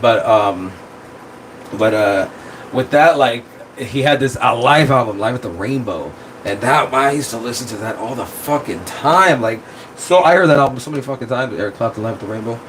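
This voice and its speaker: Male streamer, mid-pitched, rambling and profane, phone mic with a faint hum. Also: animated, moderate pace, fairly bright tone, rough recording. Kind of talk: casual livestream chat.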